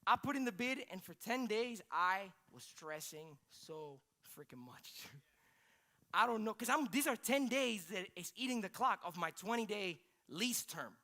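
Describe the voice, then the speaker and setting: A man pastor preaching a sermon, telling a story in an animated way and often exclaiming. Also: high voice, measured pace.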